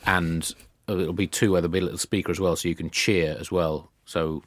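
A man guesting on a comedy news podcast, telling absurd made-up stories in a deadpan, rambling way. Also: low-pitched, brisk, no room sound. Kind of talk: deadpan satirical comedy chat.

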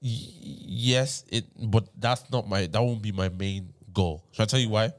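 Low-voiced young Irish man, emphatic. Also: unhurried. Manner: emphatic, repeats words when starting, laughs easily. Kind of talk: casual group chat.

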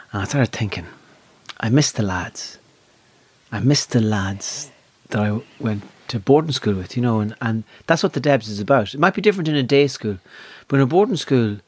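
A man's voice: mid-range voice, husky, dry recording. An Irish man telling a long personal story in casual chat, rambling and earthy, swearing freely and poking fun at himself. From Ireland.

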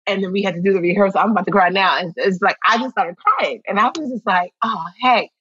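A woman guest in an interview, telling stories in a lively way, acting out what people said and laughing often. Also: medium pitch, fast talker, slightly rough, dry recording, dull audio. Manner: animated storytelling, acts out quotes, laughs often. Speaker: actress guest. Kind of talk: casual interview chat.

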